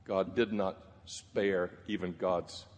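A man preaching a sermon, telling stories and voicing the people in them with gentle humor. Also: deep voice, level tone, slow pace. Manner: storytelling with quoted voices, gentle humor. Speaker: pastor. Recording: reverberant hall.

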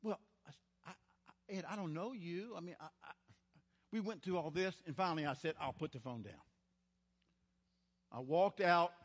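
An older man preaching a sermon, telling stories in a folksy, dramatic way that swings from hushed to loud. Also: high-pitched, moderate pace. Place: large church. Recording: church hall with long reverb.

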